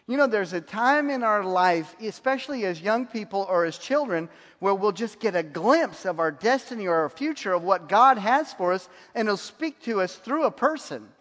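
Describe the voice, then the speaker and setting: A man with a high voice preaches a sermon in a church hall, telling stories and laughing at his own anecdotes. His words ring out with a long reverb off the walls. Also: fairly bright tone.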